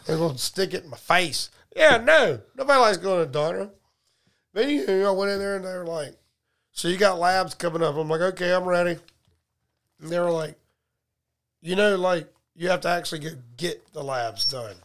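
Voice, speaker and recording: A man's voice: sits high, lively intonation, a little fast, fairly bright tone. A middle-aged man, casually telling profane, joking stories on a podcast and acting out both sides of conversations. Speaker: podcast co-host. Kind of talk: casual storytelling chat.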